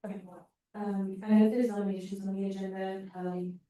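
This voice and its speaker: A woman's voice: mid-range voice, level tone, normal speed, warm tone. A young woman chairing a student senate, moving through procedure in a hesitant way with many fillers. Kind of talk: formal meeting procedure. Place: large meeting hall. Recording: echoey room from far off.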